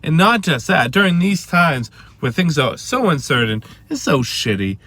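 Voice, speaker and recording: A man with a wife and family talking casually about a show he loves, swearing and tripping over restarts as he gets excited. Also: on the high side, moderate pace, dry recording. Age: adult with a wife and family. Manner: swearing, emphatic, stammering restarts. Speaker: vlogger. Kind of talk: casual excited fan rant.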